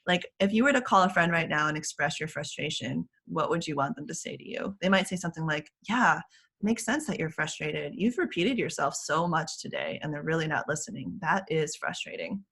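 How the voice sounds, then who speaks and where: Chatty laughing woman coach, lowish voice. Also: lively intonation, a little fast, vocal fry, breathy edge. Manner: warm, chatty, laughs often. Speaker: parent coach. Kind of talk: interview guest explaining strategies.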